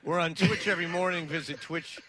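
A man's voice: on the high side, steady tone, a crowd in the background. A man hosting a radio talk show, interjecting and reading promos. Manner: quick interjections, reads promos. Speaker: radio host.

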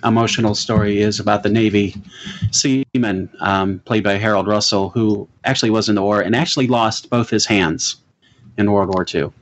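A middle-aged podcast co-host with a lowish, steady voice speaks at a moderate pace. He chats casually yet earnestly about old films and laughs easily.

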